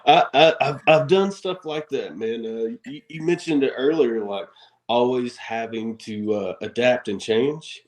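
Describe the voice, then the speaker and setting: A man's voice: medium pitch, measured pace, roomy sound. A man guest on a wrestling podcast, casually telling brash stories with frequent laughs and fillers. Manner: boastful, laughing, filler-heavy. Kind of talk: casual storytelling interview.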